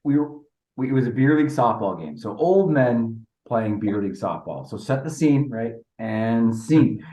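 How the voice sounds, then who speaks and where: A middle-pitched man in his fifties hosts a casual podcast chat, telling stories with playful energy. His voice swings up and down a lot. He sits back from the microphone, and the room adds a noticeable echo. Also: moderate pace, muffled recording. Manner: animated storyteller, playful. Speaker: podcast host. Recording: roomy sound from a distant mic.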